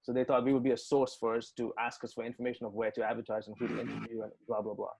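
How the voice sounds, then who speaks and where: A man with a mid-range voice talks very fast, with vocal fry and a slightly rough texture. He's a musician guest from the United Arab Emirates in a casual interview, animatedly telling a story full of swearing and acting out the quoted dialogue.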